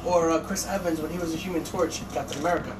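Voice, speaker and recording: A man in a casual group podcast chat, emphatic and filling pauses with "you know". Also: fairly high pitch, steady tone, noisy background. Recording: loud music under the voice.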